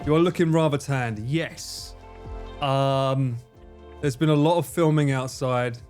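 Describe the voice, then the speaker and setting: A man hosts a casual livestream, reading viewer messages while swearing a lot and cracking self-mocking jokes. His mid-range voice is unhurried and a little mellow, with soft music in the background.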